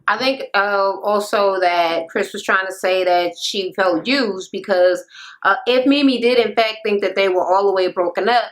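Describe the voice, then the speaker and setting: A woman's voice: mid-range voice, normal speed. A young woman giving a casual, profane recap rant on a reality show, blunt and full of filler words. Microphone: camera mic.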